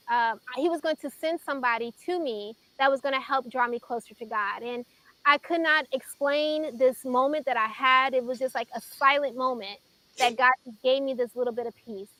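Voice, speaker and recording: Her voice sits high with a sharp tone as this thirtysomething Chicago woman tells her earnest, emotional testimony on a faith talk show, pausing along the way. There's no echo, but the recording is rough.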